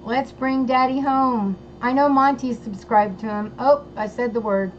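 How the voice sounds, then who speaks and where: Bubbly high-voiced woman livestreaming. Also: a little slow. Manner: bubbly, gushing, greets chatters by name. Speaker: livestream host. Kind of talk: casual livestream chat. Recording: dull lo-fi sound with faint noise.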